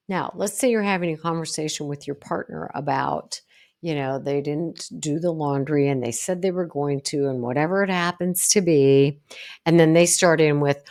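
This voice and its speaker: A woman with a very low voice hosts a solo educational podcast as a psychologist. She talks in a blunt, down-to-earth way, with strong emphasis, and acts out the phrases she teaches. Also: moderate pace.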